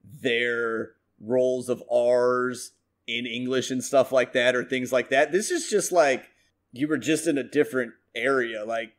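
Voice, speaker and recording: A man's voice: medium pitch, fairly even intonation, a little slow. A young American man from the United States co-hosting a podcast in casual chat, rambling and swearing with lots of fillers. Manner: rambling, profane, with many fillers. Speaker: podcast co-host.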